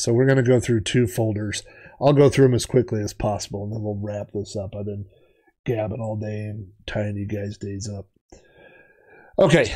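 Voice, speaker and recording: A man telling stories on a retro gaming vlog in a chatty, rambling way, wandering off on tangents as he talks. His voice sits at an average male pitch. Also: a little mellow. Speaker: retro gaming channel host. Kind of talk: casual storytelling vlog.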